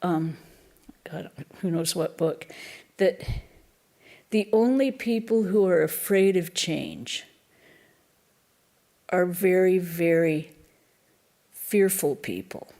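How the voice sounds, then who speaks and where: A woman, a nun, giving a reflective Easter lecture in a temple, pausing often and restarting her phrases. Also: fairly low pitch, lively intonation, mellow. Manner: slow and reflective, with pauses and restarts.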